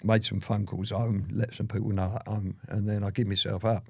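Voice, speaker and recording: Man, raspy storyteller, keeps saying "you know what I mean", dry recording. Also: lowish voice, level tone, fairly quick, a little mellow, no room sound. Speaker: father telling his life story to his daughter. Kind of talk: casual storytelling interview.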